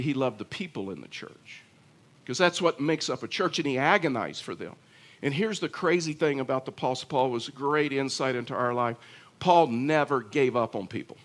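A man's voice: on the high side, a bit bright. A pastor preaching an earnest sermon, often repeating and restarting his phrases.

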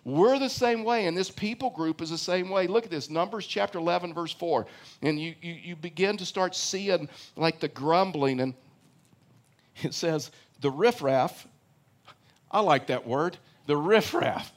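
A man's voice: on the high side, a little slow. An older man preaching a sermon as pastor, conversational, repeating phrases for emphasis and asking the congregation questions.

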